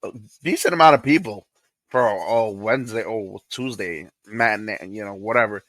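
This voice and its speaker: A man co-hosting a podcast, chatting casually about a movie he just saw and retelling scenes with excitement. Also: lowish voice, moderate pace, no room sound, rough recording. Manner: excitable, retells scenes with acted quotes and laughter. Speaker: podcast co-host. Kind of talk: casual movie review chat.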